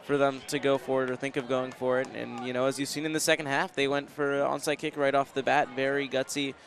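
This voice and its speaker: A young man giving measured, analytical color commentary on a high school football game from an outdoor booth. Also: flat delivery. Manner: measured, hesitant with fillers, analytical. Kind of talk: sports commentary. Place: outdoor press booth at a stadium. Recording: outdoor stadium with faint band music.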